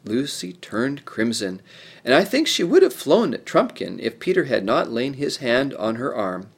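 A man narrating a storybook aloud in a measured, expressive way. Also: medium pitch, creaky, slightly rough. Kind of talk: storybook reading.

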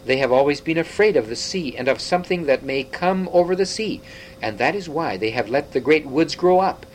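A man reading an audiobook, voicing an excitable old half-dwarf scholar who lectures briskly. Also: a little high, slight background noise, voice pushed up, close to an everyday voice, low-quality recording. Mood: explaining.

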